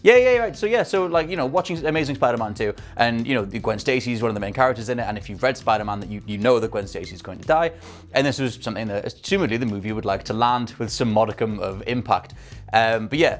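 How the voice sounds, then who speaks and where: A man ranting with exasperated, emphatic repetition about bad cinema audiences, speaking to camera as a film pundit. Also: fairly low pitch.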